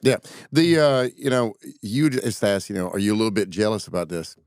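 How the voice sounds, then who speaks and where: An earnest man reflects on his faith while co-hosting a podcast. His voice sits low and he talks at an easy, casual pace. The recording is close and dry. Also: brisk, darkish tone, no room sound. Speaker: podcast co-host.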